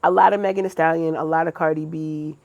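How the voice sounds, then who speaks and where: A woman's voice: low-pitched, steady tone, fast talker, a little mellow, muffled recording. A woman co-hosting a podcast, talking in a blunt, profane, opinionated way in casual chat. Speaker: podcast co-host.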